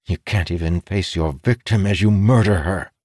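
A man doing a frantic, yelling ship captain. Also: low voice, normal speed, dry recording, studio quality. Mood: frantic rage. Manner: yelling, anguished. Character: desperate male ship captain losing his ship.

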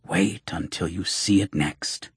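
A sly, fox-faced doctor and traveling showman, voiced by a man in an audiobook, speaks with wry, mocking ease. The voice sits low and husky. The sound is close and dry. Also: slow pace, no echo, heavily acted. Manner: wry, mocking, flowing speech. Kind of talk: audiobook reading.

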